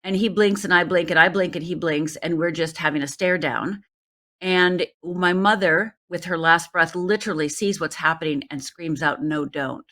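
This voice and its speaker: Appearing on a Los Angeles podcast as a guest, a middle-aged life coach originally from Upper Michigan shares a personal story. She speaks at normal speed in a lowish voice with a bright, forceful tone, addressing the host directly and sincerely.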